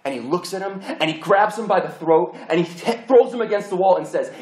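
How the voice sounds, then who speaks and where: A young adult man preaching a storytelling sermon in an animated, chatty way, full of restarts. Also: high-pitched, brisk, few pauses. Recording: roomy hall echo.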